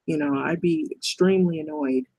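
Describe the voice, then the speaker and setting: A woman's voice: low voice, normal speed, gravelly, warm tone, slightly rough, dry recording. A middle-aged woman talking bluntly and rambling in a casual vlog monologue, swearing and laughing often. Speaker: vlogger.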